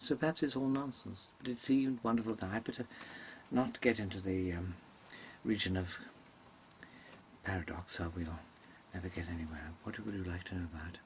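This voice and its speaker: With a deep voice at a moderate pace and a little hiss or hum behind him, a man acts out a comic theatrical monologue for a webcam. His delivery is digressive and halting, heavy with ums and self-corrections, in mannered stage diction.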